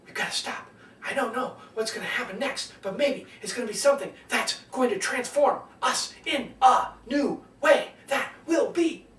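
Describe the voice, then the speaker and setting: A man doing an impression of a starship captain, speaking in a hushed, urgent voice with jerky, deliberate pauses, in an echoey room away from the mic. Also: extremely high pitch, recorded from a distance, voice pushed up.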